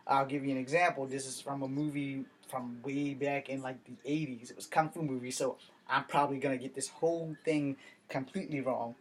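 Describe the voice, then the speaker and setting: A man's voice: mid-range voice, steady tone, a little fast. A man ranting to camera in a blunt, combative monologue full of swearing. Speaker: vlogger.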